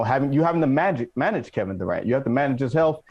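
A man's voice: medium pitch, animated, fast, hardly any pauses, a little mellow, highs cut off. Emphatic male sports analyst. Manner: emphatic, building points. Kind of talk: sports debate show.

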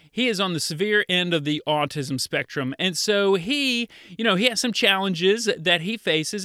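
A middle-aged man, a children's pastor, giving a lively storytelling devotional to kids and acting out the voices of children he quotes. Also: high-pitched, no room sound, clean studio sound. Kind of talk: kids' devotional talk.

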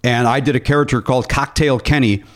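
A man's voice: medium pitch, steady tone. A man hosting a comedy podcast, joking and bursting out in playful exaggeration. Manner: quick, jokey, exaggerated outbursts. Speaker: podcast host. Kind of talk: casual comedy podcast chat.

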